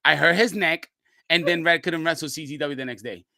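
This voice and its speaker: Brief: New man, slangy podcast guest, bright forceful voice, dry close sound. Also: on the high side, a little fast, vocal fry, dry recording. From Brooklyn, New York. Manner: animated, slangy storyteller. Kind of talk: casual storytelling.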